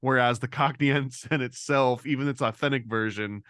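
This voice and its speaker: An animated man co-hosting a casual discussion podcast. He talks quickly and acts out quotes with a pitch jump. His voice is recorded dry and close, with no room sound. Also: clean tone, dry recording. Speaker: podcast co-host.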